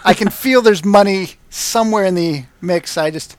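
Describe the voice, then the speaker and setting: A man's voice: sits high, normal speed, dry recording. A man talking casually as a podcast guest about marketing, rambling and poking fun at himself. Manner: rambling, self-mocking, animated.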